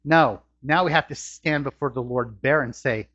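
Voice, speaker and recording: A man's voice: medium pitch, normal speed, a bit bright. A man preaching a sermon as a pastor, earnest, his voice climbing on rhetorical questions. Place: church sanctuary. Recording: dull lo-fi church recording.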